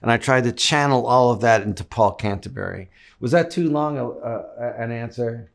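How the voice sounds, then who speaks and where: A man's voice: medium pitch, normal speed, vocal fry. A middle-aged man from Canada, an actor giving long, reflective interview answers. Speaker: actor guest.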